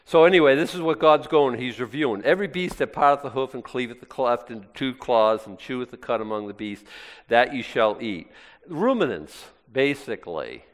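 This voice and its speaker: A man's voice: medium pitch, animated, normal speed. A man with an American accent preaching a casual sermon in a rambling, folksy way, often interrupting himself. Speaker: pastor. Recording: reverberant hall.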